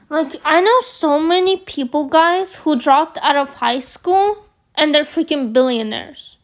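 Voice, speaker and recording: Woman vlogger, high-pitched, slightly hoarse, slow rambling storyteller. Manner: rambling, filler-heavy, addresses viewers as guys. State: hoarse from screaming. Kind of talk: storytime chat.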